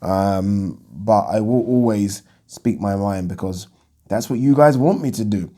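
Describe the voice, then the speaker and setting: A man with a lowish, mellow voice talks a little slowly. He hosts a boxing YouTube Q&A of his own, answering viewer questions casually, frankly and ramblingly, with lots of ums.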